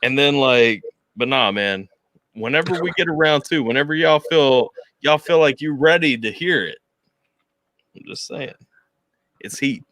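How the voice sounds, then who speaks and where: A man's voice: medium pitch, a little slow, no room sound. A young adult man hosting a casual livestream interview, joking and poking fun at himself. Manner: animated, joking, self-deprecating. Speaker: host.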